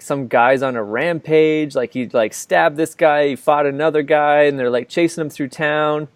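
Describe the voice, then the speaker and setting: A man's voice: mid-range voice, clear, resonant tone, no echo. A man co-hosting a podcast, telling a long personal story in casual chat, rambling and packing his talk with "like". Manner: rambling, filler-heavy, full of "like". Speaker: podcast co-host. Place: living abroad in Ireland, recording indoors.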